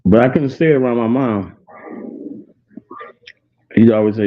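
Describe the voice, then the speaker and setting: A man's voice: on the low side, steady tone, normal speed, pauses often. Man rambling on a tinny phone-like line. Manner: rambling, repeats himself, laughs hard. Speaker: show host. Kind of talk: casual storytelling chat.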